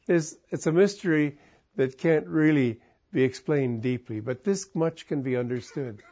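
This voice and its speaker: A man giving a reflective spiritual talk, telling a personal story in a calm, musing way with wandering sentences. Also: on the high side, moderate pace. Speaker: spiritual teacher. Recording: muffled lo-fi recording.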